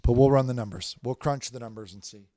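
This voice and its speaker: A man's voice: mid-range voice, steady tone, fast, warm tone, no echo. A man hosting a casual livestream, reading viewer messages aloud with many restarts and repeated words. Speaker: livestream host reading chat.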